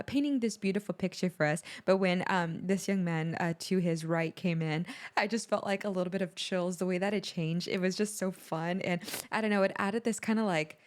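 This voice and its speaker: A woman hosting a music reaction video, talking in a rambling, excitable way with lots of fillers and restarts. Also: mid-range voice. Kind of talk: casual reaction commentary.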